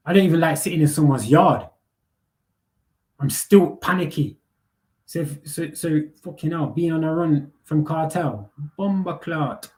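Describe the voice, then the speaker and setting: A man's voice: fairly high pitch, darkish tone. A young man, hosting a live panel and ranting bluntly with heavy swearing, street slang and repeated words. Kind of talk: casual rant.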